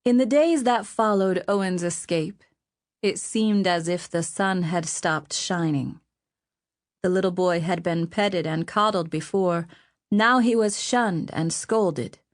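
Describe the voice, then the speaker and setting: A woman reading an audiobook with measured, even storytelling narration. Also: fairly low pitch. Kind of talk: scripted narration.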